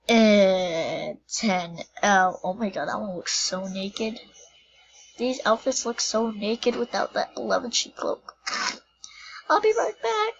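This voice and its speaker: A young woman chatting casually while playing a game, slipping into soft whispers now and then. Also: mid-range voice, sing-song. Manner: chatty, quick mood swings, drops into soft whispers. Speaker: gaming channel host. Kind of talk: casual gameplay commentary. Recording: dull lo-fi mic with faint noise.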